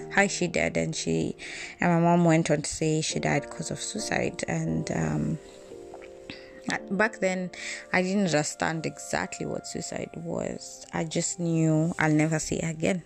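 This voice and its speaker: A woman's voice: fairly low pitch, fairly even intonation, measured pace, vocal fry, over music. A woman from Kenya, hosting a podcast and telling a personal story in a candid, reflective way. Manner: candid, reflective, with frequent restarts. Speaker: podcast host.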